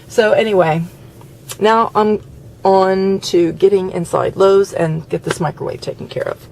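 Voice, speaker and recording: A woman's voice: medium pitch, steady tone, a little slow, vocal fry, darkish tone. A woman venting to camera in a casual vlog from a parked car, retelling conversations in an indignant way. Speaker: vlogger.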